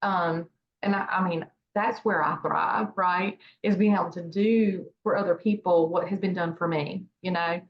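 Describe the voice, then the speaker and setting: Soft-spoken woman guest, muffled line. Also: lowish voice, fairly even intonation, normal speed. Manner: rambling, many fillers and restarts. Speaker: interview guest, nonprofit founder. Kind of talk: casual interview talk. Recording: dull lo-fi sound with faint noise.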